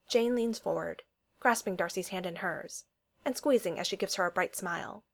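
A woman narrating a story in an expressive reading voice. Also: lowish voice, normal speed, vocal fry. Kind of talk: fan fiction story reading.

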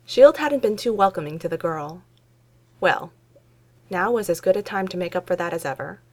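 A woman narrating a fan fiction story aloud in a wry, relaxed way. Her voice sits a little lower than most women's. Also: normal speed. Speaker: reader.

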